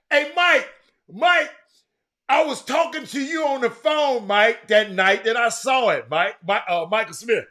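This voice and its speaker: A middle-aged man hosting a sports talk show, chatting casually and teasing viewers in the comments with loud, animated outbursts. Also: high voice, moderate pace. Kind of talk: casual live-stream chat reading the comments.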